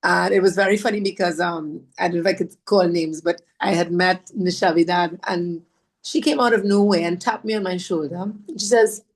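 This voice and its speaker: A woman with a fairly low voice recounts her experiences as a podcast guest. She is animated and self-mocking, and her pace shifts as she tells the story. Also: normal speed. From Trinidad. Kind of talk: storytelling conversation.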